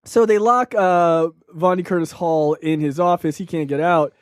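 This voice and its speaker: A podcast host, a man with a noticeably high voice, chats in a loose, profane way, full of "like" and "um". He's close on a dry mic, with no room around him. His storytelling is animated and casual. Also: normal speed, smooth, no echo. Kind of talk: casual chat.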